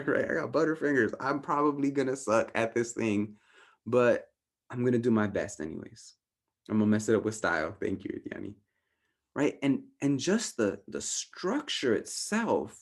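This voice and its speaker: Animated man teaching with "right?". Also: fairly low pitch. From Southern California, US. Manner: animated, often ends points with a questioning "right?"; acts out inner voices in raised, playful tones. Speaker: workshop facilitator. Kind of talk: casual teaching talk to a group.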